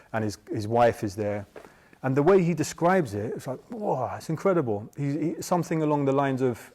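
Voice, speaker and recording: A man in a middle pitch gives a relaxed Buddhist teaching. He talks in a loose, rambling way, restarts often, and keeps checking in with the listeners. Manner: chatty, tags points with "yeah?". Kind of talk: informal dharma talk.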